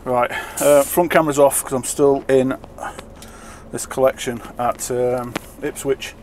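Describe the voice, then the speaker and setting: A man's voice: medium pitch, level tone, unhurried, a little mellow. A man, chatting in a rambling, self-mocking way while driving his truck. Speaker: truck driver vlogger. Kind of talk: casual vlog chat while driving. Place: truck cab on the road. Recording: road noise in the cab.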